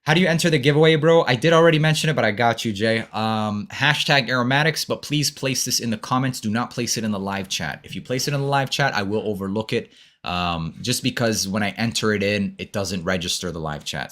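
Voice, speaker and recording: A man's voice: medium pitch, fairly bright tone. A man hosting a casual live-stream fragrance review, laid-back and friendly, talking to his viewers as bro and brother.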